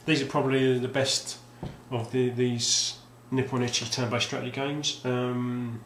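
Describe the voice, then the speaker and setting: A man's voice: mid-range voice, flat delivery, a little slow, a bit bright, slight background noise. A man casually showing off his game collection, rambling and hesitant with lots of ums and restarts. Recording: roomy sound with faint ambience.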